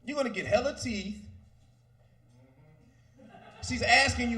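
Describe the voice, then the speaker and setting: A man in his thirties doing stand-up, with a high, lively voice that keeps swinging up and down. His delivery is loud, animated and profane. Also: a little fast, long pauses, crowd noise. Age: 30s. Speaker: stand-up comedian. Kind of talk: stand-up comedy set.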